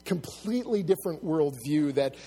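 A man's voice: expressive, normal speed, slightly rough, soft background music. A man preaching a sermon to his congregation, earnest and plain-spoken, often restarting his sentences. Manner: earnest, restarts often, rises loud and high when acting out mockers. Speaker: pastor.

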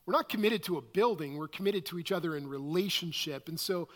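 Pastor, male, high-pitched, conversational sermon style, hall reverb. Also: a little fast. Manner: conversational, self-questioning preaching with quoted asides. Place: church sanctuary.

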